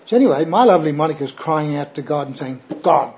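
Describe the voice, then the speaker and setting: A man's voice: on the high side, lively intonation, fast talker, darkish tone, lo-fi sound. An older Australian man, a pastor, telling his personal testimony in a chatty, rambling way with frequent fillers and "right?" tags.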